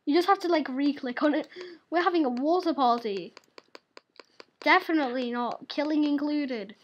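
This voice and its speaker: Young woman, high voice, giggly, teasing, casual gaming chat. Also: moderate pace, muffled recording, a little hiss or hum. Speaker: gaming channel host.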